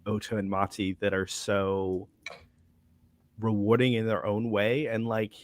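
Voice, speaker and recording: A man's voice: on the low side, level tone, unhurried. A man guesting on a casual book discussion over a video call, thinking aloud with many restarts. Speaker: guest reviewer.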